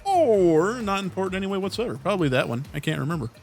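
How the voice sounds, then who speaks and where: A man's voice: high-pitched, sing-song, fast, vocal fry, darkish tone, faint music behind. A young man hosting a let's play, reading the game's text aloud with jokes and laughing often. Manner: playful, laughs between lines.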